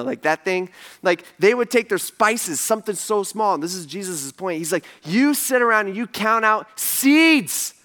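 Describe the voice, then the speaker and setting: A man preaching a sermon as pastor, casual and emphatic, with lively asides to the congregation. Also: sits high.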